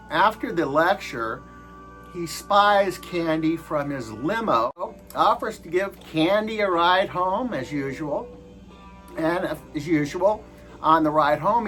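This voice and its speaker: Man, casual film reviewer, hesitant with fillers, lively up-and-down voice. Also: on the high side, rough recording. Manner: hesitant, lots of filler sounds. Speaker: movie reviewer.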